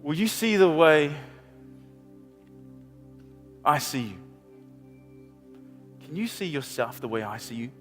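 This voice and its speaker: A middle-aged man preaches with fervor, circling back to phrases again and again and slipping in light jokes. His voice sits a little high. It rings out through a large hall with a long echo, and soft music plays underneath. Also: very animated, slow pace, pauses often. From New Zealand. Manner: impassioned, repetitive preaching with playful asides. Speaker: pastor. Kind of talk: sermon.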